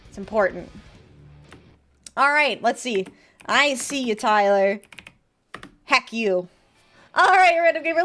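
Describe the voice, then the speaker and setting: High, lively streamer woman chatting. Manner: playful, chatty, reads viewer messages aloud and teases. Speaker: streamer reading tarot for chat. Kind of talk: casual live-stream chat.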